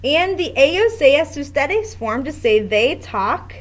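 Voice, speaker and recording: A woman's voice: high-pitched, sing-song, a little slow. A woman teaching a Spanish grammar lesson at a board in a classroom, explaining step by step with patience.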